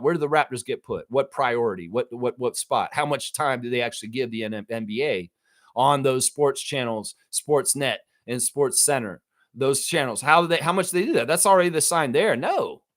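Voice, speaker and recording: Livestream host guy going off, swears a lot, keeps hammering the same point, voice sits a bit high. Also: fairly bright tone. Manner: heated, profane, repetitive ranting. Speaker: live stream host reading chat. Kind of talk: ranting live stream commentary.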